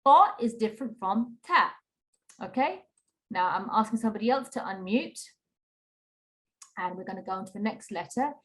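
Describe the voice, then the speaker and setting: A woman teaching a Qur'an recitation class over a video call, patient and encouraging, slowly modelling sounds for students to repeat. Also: mid-range voice, animated.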